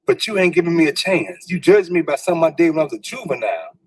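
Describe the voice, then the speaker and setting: Husky-voiced man telling his own story. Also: a little high, very animated, fast, a little mellow, no echo, low-quality recording. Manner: candid, repeats words when stirred, informal slang. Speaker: storyteller sharing a personal story. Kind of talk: spoken personal storytelling.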